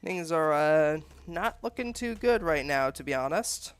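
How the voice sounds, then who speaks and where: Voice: medium pitch, animated, unhurried, a little hiss or hum. A streamer giving joking, chatty live gameplay commentary and talking to the chat.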